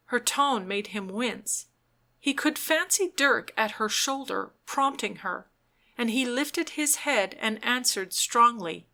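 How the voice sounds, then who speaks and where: A woman narrating an audiobook in a measured, unhurried way. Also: a little high, sharp tone. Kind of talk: scripted narration.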